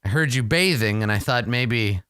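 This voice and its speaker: A man's voice: mid-range voice, animated, moderate pace, a bit bright, smooth, no room sound, clean studio sound, lightly acted. A man playing a cocky, flirtatious adventurer. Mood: reassuring. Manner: flirty, boastful, stammering. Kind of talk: solo tabletop role-play.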